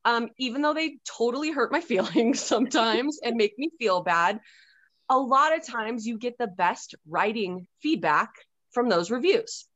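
A woman author talking candidly on a podcast, swearing freely and breaking into animated outbursts. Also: fairly high pitch, measured pace, no echo, lo-fi sound. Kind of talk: casual podcast chat.

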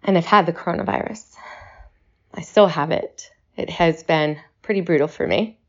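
A woman speaking slowly and reflectively in a personal video message, short of breath and pausing to reassure her listeners. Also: on the low side, dull audio. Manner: slow, reflective, reassuring delivery.

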